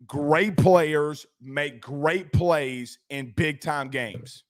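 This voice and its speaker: A man's voice: fairly high pitch, extremely slow. A man hosting a postgame sports show, talking emphatically, repeating points and restarting sentences. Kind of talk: postgame analysis chat.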